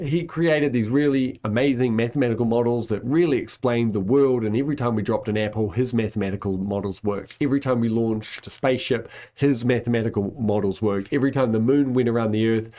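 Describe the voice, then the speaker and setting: A man's voice: medium pitch, darkish tone. A man giving an enthusiastic, conversational science lesson, often checking in with "right?". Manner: enthusiastic and conversational, with tag questions. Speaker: lecturer. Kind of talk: educational explainer.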